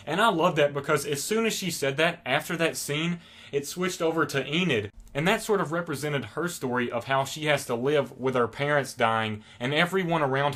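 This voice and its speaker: A young man talks at an ordinary, mid-range pitch in an excited, gushing way. He rambles through his thoughts and leans on plenty of fillers. He sounds like a casual solo reviewer speaking straight to his viewers. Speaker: TV episode reviewer.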